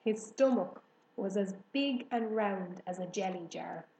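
A woman narrating a children's storybook in an even, measured way. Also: medium pitch, roomy sound, a little hiss or hum, poor audio. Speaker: audiobook narrator.

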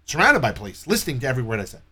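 A man's voice: mid-range voice, very fast, slightly rough. A man telling a long story in casual chat, swearing a lot and acting out what people said. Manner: animated, swears a lot, acts out quoted voices. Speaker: storyteller guest.

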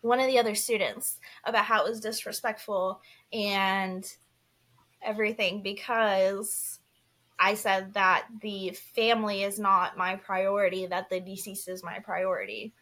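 Bright-voiced young woman in candid chat. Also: mid-range voice, little pitch movement, a little slow. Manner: earnest, candid, many restarts and "like" fillers. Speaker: podcast co-host. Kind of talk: casual chat.

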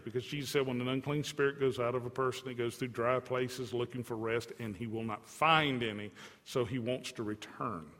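A man preaching a sermon as a pastor, animated, swinging his pitch and loudness up and down, with asides to the congregation. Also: normal speed. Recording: long hall reverb.

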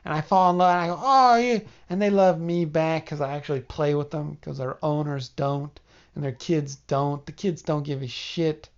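A man's voice: fairly high pitch, steady tone, moderate pace, darkish tone, dull audio. A man with a congested nose hosting a solo podcast, rambling wryly and mocking himself as he talks straight to his listeners. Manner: wry, self-mocking, talks to listeners directly. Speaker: podcast host.

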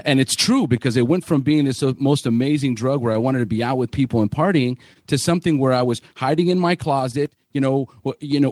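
A man's voice: mid-range voice, darkish tone, no echo, studio quality. A man hosting a podcast panel, telling his own story of getting sober in a candid, blunt way, swearing freely and restarting his sentences. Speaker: podcast host.

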